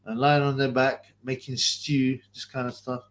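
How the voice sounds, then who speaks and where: A man's voice: medium pitch, little pitch movement, normal speed. A man, hosting a casual livestream, reading viewer comments aloud, rambling, swearing and laughing often. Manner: crude, rambling, laughs often, repeats himself. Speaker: livestream host.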